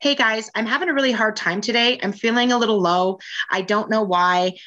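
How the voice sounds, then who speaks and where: A woman's voice: fairly high pitch, fairly quick, a bit bright, muffled recording. A woman in her forties talking candidly in a casual conversation, rambling and frank, with lots of fillers. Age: 40s.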